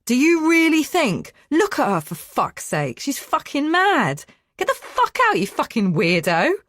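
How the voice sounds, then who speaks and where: A blunt young man with a foul mouth, as a woman narrator acts him out. His voice sits low and close in a dry audiobook read. He swears freely and pushes hard. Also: moderate pace, no room sound, close to an everyday voice. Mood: shouting, furious. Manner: shouting, sweary, then coaxing. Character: angry young male neighbour, blunt and swearing.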